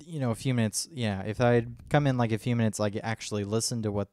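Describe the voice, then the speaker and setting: A young man co-hosting a casual podcast, retelling a night out in a rambling, animated way and acting out what people said. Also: lowish voice, quick pace, no room sound, studio quality. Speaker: podcast co-host. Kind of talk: casual storytelling chat.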